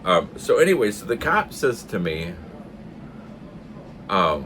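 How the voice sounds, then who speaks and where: An older man telling a funny story in a casual way, laughing hard often and acting out the shouted lines himself. He talks in a pub. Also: fairly low pitch, very animated, measured pace, long pauses, a little hiss or hum.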